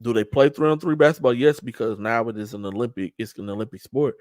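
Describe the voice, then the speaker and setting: A man's voice: medium pitch, quick pace, a little mellow, no room sound. Emphatic streetwise man, dry close sound. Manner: emphatic, trash-talking streetwise delivery with repeated restarts. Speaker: show host and event organizer. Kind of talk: casual talk-show monologue.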